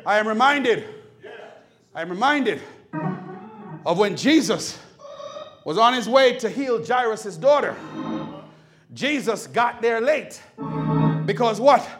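A man preaching a sermon as pastor in a church, shouting and calling for responses from the congregation. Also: very high-pitched, expressive, slow pace, pauses often, faint music behind. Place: church sanctuary.

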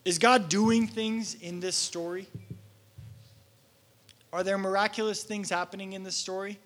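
A man's voice: high voice, steady tone, unhurried, fairly bright tone. A young man preaching a sermon as pastor, telling stories animatedly and acting out his own exasperation.

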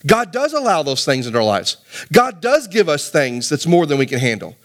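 High-voiced male pastor preaching. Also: sing-song, fairly quick. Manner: conversational preaching with rhetorical questions to the congregation. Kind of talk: sermon.

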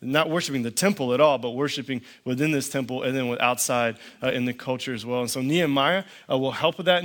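A man's voice: mid-range voice, quick pace, hardly any pauses, a bit bright. A middle-aged man, a pastor, preaching a sermon with dry, understated humor and storytelling. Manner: dry storytelling with quoted back-and-forth.

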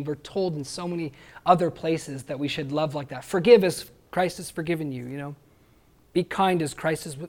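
A man preaching a sermon, earnest and emphatic, often pausing to ask his listeners rhetorical questions. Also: fairly high pitch. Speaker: pastor.

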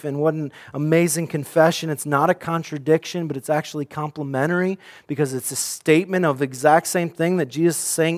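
A man's voice: fairly high pitch, steady tone, normal speed. A male pastor preaching a sermon, earnest and direct, often repeating words and restarting as he speaks.

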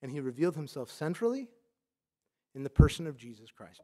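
A man's voice: a little high, big pitch swings, a little fast, mellow. A man preaching a sermon as a pastor, emphatic and loose, often saying "like".

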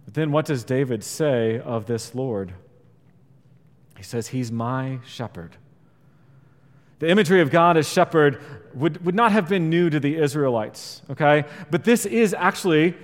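A man preaching a sermon in a church sanctuary, his slightly high voice ringing through a long hall reverb. He talks earnestly, builds louder on key points and sinks quiet when he quotes scripture. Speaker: pastor.

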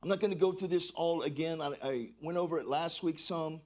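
A middle-aged man preaching a lively sermon, calling on the congregation to respond and shouting praises. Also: a little high, a little fast. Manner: exuberant, call-and-response preaching. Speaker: pastor.

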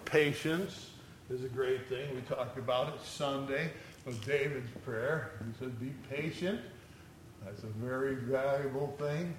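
A man's voice: medium pitch, a little slow, slight background noise. A man preaching a conversational sermon, reading scripture aloud with rising emphasis and acting out dialogue. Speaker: pastor.

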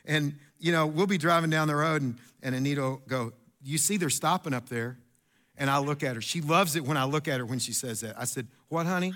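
A middle-aged man, preaching a sermon in an animated, storytelling way with asides and repeats. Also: on the high side, fast, hardly any pauses. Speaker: pastor.

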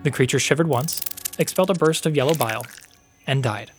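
A man narrating a fantasy story in a steady, measured storytelling voice. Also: medium pitch, over music. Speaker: podcast narrator. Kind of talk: scripted audiobook narration.

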